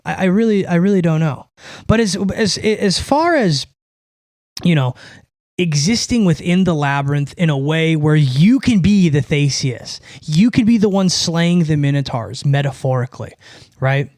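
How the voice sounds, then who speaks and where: Rambling man with a fairly high voice. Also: moderate pace, no room sound, clean studio sound. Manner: rambling, animated, swears, keeps asking "right?". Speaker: podcast host. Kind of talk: casual monologue.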